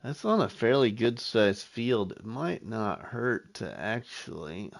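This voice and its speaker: Slow-talking easygoing middle-aged man. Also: fairly low pitch, big pitch swings, vocal fry. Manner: easygoing, chats with viewers while thinking out loud. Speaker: live-stream gaming host. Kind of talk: casual live-stream chat while playing.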